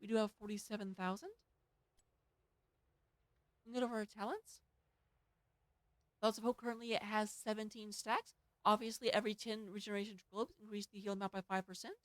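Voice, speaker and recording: A woman with a Southern US accent casting an esports match, rattling off stats and filling pauses. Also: mid-range voice, fairly even intonation, no room sound. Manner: rapid, filling dead air with stats. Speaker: esports caster. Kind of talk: play-by-play esports commentary.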